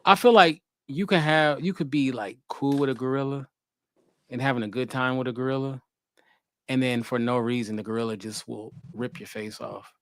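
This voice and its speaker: A man's voice: medium pitch, fairly even intonation, normal speed, no room sound. Laid-back man hosting a chat. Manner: laughs often, loose and rambling. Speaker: host. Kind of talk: casual group chat.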